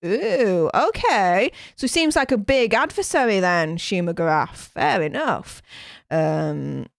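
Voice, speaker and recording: A woman hosting a live stream, chatty and animated, reading out viewer comments with lots of fillers. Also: medium pitch, takes it slowly, creaky, no room sound, studio quality. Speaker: host reading live chat. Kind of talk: casual live-stream chat.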